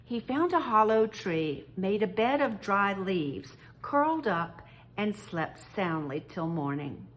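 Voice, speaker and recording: A woman reading a children's story aloud, slowly and expressively. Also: mid-range voice. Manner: slow, expressive read-aloud.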